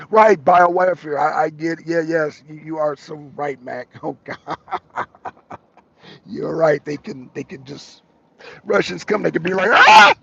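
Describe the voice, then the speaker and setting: A man's voice: sits high, creaky, a bit bright, slightly rough. A man hosting a talk show in a casual live debate, mocking his guest and repeating himself for emphasis, heard over dull lo-fi stream audio.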